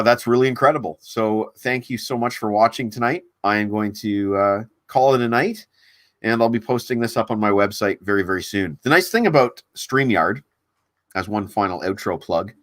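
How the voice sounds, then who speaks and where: A man with a fairly low voice hosts a laid-back livestream, wandering from thought to thought with stops and restarts. He reads out viewer comments as he goes. The sound is dry and close, with no room around it. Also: fairly bright tone, no echo. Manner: rambling and halting, reads viewer comments aloud. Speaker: livestream host. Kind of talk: casual livestream chat. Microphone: desk mic on a laptop stream.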